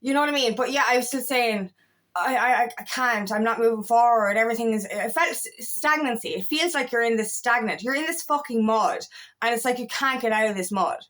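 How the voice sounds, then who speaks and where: A feminine empowerment coach with a high, slightly bright voice speaks briskly in a casual confessional vlog monologue. She is frank and profane, telling stories in which she quotes herself.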